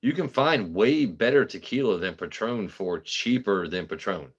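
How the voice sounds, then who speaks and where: Guy rambling on his livestream, kinda low voice, cusses a lot. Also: expressive, moderate pace, husky, lo-fi sound. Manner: rambling, swears casually. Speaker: livestream host. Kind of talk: casual livestream chat.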